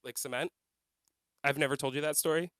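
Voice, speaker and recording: A man's voice: fairly high pitch, fairly even intonation, brisk, fairly bright tone, dry recording. A man co-hosting a podcast, telling a funny story animatedly, laughing and swearing as he goes. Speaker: podcast co-host. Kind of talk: casual storytelling.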